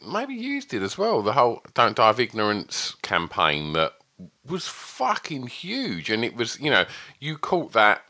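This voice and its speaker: A man co-hosting a casual podcast chat, speaking haltingly with many restarts and some swearing. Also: medium pitch, huge pitch swings, sharp tone.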